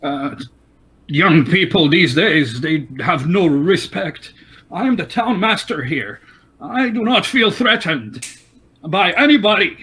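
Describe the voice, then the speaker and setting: A man's voice: on the high side, lively intonation, slow pace, fairly bright tone, husky, voice pushed up, heavily acted. A man voicing a fussy, pompous older male town master who blusters and gets touchy about his authority. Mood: blustering. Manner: blustering, self-important.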